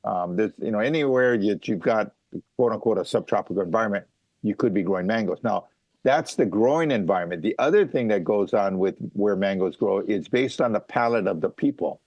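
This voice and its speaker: Low-voiced Hawaii man explaining calmly. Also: fairly quick, no room sound, dull audio. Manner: explanatory, lots of fillers and restarts. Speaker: mango farmer guest. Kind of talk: casual interview talk.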